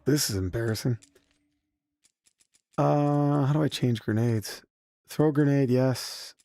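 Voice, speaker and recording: Rambling, self-mocking male streamer, mid pitch. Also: slow pace, gravelly, mellow, dry recording, clean studio sound. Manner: loose, rambling and self-deprecating, with frequent swearing; candid and openly emotional. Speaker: gaming streamer. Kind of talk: casual live-stream chat while playing.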